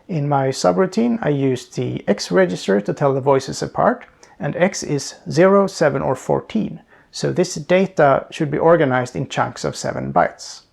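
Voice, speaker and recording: A man calmly explaining his programming step by step, thinking aloud as he works. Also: on the high side, normal speed, vocal fry. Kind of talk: screen-recorded coding tutorial.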